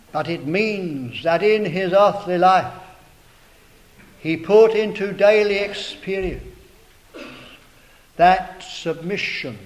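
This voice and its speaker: A man preaching a sermon in a slow, dramatic way, swelling to loud emphatic peaks and sinking to hushed tones. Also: high voice, low-quality recording. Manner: addresses listeners as brethren, beloved brother.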